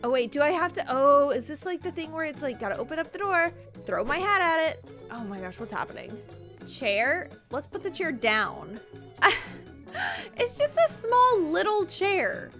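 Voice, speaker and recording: A young woman giving chatty, giggly gameplay commentary with loud reactions. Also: high-pitched, sing-song, normal speed, faint music behind. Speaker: gaming video host.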